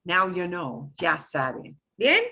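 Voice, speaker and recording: A woman's voice: on the low side, very animated, slow, sharp tone. A middle-aged woman teaching a Spanish class, explaining grammar step by step in a chatty way with fillers and asides.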